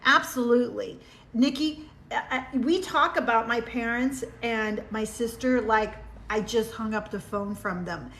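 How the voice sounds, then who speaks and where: A woman's voice: on the high side, measured pace, fairly bright tone, slight background noise. A middle-aged woman hosting a casual livestream, telling personal stories in a heartfelt, meandering way and thanking viewers as she reads their comments. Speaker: livestream host. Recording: echoey room.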